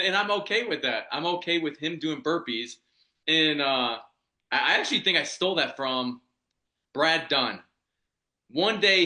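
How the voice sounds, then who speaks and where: A man's voice: a little high, bright, forceful tone, roomy sound. A man co-hosting a podcast, talking bluntly and profanely in casual chat and laughing easily. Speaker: podcast co-host.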